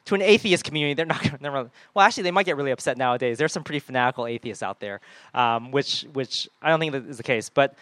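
A man preaching a sermon in a lively way, often acting out the people and voices he quotes. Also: medium pitch, fast talker, no room sound. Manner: animated, acts out quoted voices.

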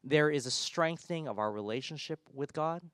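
A man's voice: fairly high pitch, fairly quick, a bit bright, clean tone, no echo, clean studio sound. Man preaching a casual, joking sermon. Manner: informal, self-deprecating humor, many fillers. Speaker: pastor. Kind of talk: conversational sermon.

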